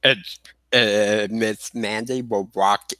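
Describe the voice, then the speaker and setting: Very slow-talking man playing a tabletop game. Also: fairly low pitch, fairly even intonation, sharp tone, dry recording. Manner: halting, filler-heavy. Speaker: player. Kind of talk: casual play at a tabletop game.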